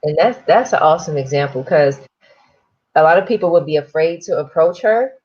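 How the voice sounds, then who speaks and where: A woman's voice: low voice, expressive, brisk, a little mellow, muffled recording. A woman interviewer in a casual interview, affirming her guest and asking follow-up questions. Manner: encouraging, affirming listener. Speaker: interviewer host.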